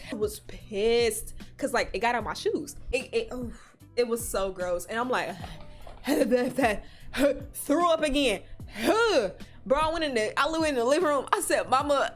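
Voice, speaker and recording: A young adult woman vlogger telling a storytime, animated and casual, swearing and jumping into high squeals as she retells scenes. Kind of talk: storytime vlog.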